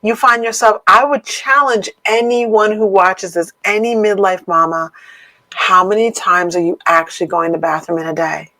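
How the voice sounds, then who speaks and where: A woman in her fifties co-hosts a casual podcast chat from her home office. She talks emphatically and playfully, with a preachy edge, at a middle pitch. The recording is dry and close, with no room sound. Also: normal speed, pushed and bright, no room sound, poor audio. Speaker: podcast co-host.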